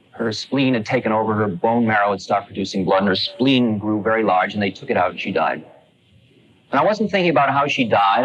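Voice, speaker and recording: A man's voice: medium pitch, a bit bright, dull audio. A man in his thirties from the United States, giving a lecture as a wry, conversational storyteller in a 1969 recording. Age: 30s.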